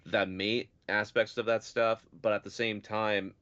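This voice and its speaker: A man's voice: fairly low pitch, little pitch movement, measured pace, fairly bright tone. A man co-hosting a podcast in casual chat, rambling and hedging with lots of "like" and "sort of". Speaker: podcast co-host. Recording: dull, lo-fi sound.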